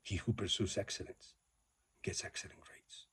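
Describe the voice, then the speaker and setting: A man giving an emphatic, preachy motivational monologue that swings between loud declarations and whispers, repeating his exhortations. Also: normal speed. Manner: repetitive, exhorting. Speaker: motivational speaker.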